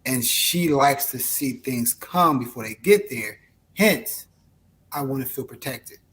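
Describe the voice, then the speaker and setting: A man's voice: mid-range voice, a little slow, fairly bright tone. A man as an interview guest, telling a story in a laid-back, rambling way full of fillers. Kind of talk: casual storytelling.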